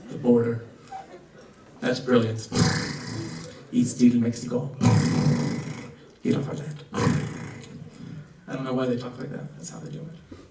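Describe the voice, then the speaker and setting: A man's voice: mid-range voice, darkish tone. A young man from the American South performing a stand-up comedy set and acting out characters in raised voices. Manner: rapid asides, acts out characters in raised voices. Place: comedy club. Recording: roomy club audio from a distant mic.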